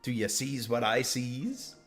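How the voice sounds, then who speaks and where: A man's voice: medium pitch, animated, slow pace, fairly bright tone, faint music behind. A man doing a hearty drawling pirate brigand. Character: hearty pirate brigand, male, eager sidekick. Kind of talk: reading game dialogue aloud in voices.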